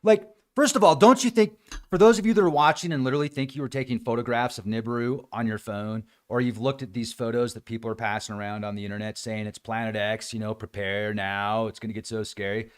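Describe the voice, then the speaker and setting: A man hosting a casual livestream, talking in an animated way and acting out other people's voices now and then. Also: mid-range voice, fast talker. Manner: animated, acts out quoted voices. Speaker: host.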